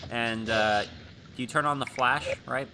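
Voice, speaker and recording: A young man as game master, narrating a tabletop horror game over voice chat with relaxed fillers. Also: medium pitch, a little slow, noisy background.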